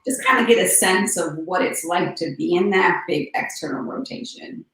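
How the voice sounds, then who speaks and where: A woman teaching a one-on-one yoga session, cueing poses and breathing with calm, unhurried instruction and soft breathy asides. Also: lowish voice, recorded from a distance. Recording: echoey room, voice a bit off-mic.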